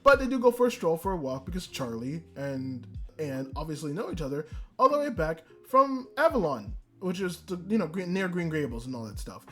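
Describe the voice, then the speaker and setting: Animated man ranting about anime. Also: on the high side, fairly quick, soft background music. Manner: animated, swears freely, rambling restarts. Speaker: podcast host. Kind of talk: casual anime review rant.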